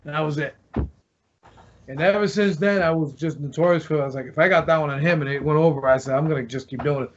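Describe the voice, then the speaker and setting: A former pro wrestler casually shares locker-room stories, rambling, restarting often and acting out what other people said. His voice is a little high and fast, heard through dull lo-fi podcast audio with slight background noise.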